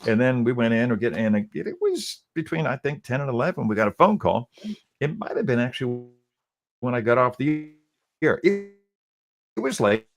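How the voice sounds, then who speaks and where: A man's voice: medium pitch, very animated, normal speed. A middle-aged man, a radio host casually retelling a story he covered, quoting people with many "he goes" and restarts.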